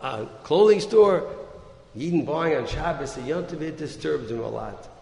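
A man's voice: fairly high pitch, moderate pace, vocal fry. A man giving a sermon, telling a story and acting out the quoted lines with a rising and falling voice. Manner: animated storyteller, acts out quotes with rising and dropping voice. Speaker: rabbi giving a Torah talk. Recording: echoey hall, faint noise.

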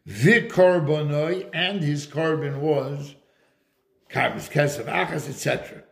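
A man's voice: on the high side, measured pace, vocal fry, reverberant. A man giving a Torah lecture in English, weaving Hebrew and Yiddish terms into his storytelling. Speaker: Torah teacher.

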